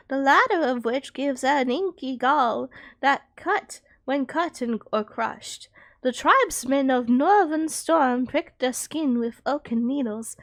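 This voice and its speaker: Streaming a video game, a high-voiced young woman chats casually, reads in-game text out loud, and frequently laughs and corrects herself.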